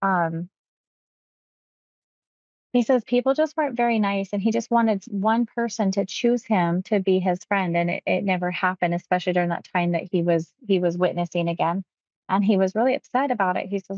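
A woman's voice: mid-range voice, normal speed. Hypnotist lady chatting about a session, does the voices, dull sound, no room echo. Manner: animated retelling, acting out quoted speech. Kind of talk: casual storytelling about a client session.

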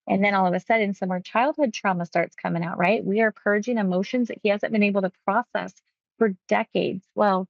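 A woman's voice: medium pitch, vocal fry, no room sound, dull audio. A woman hypnotist casually retelling a client session, acting out the quoted lines with animation.

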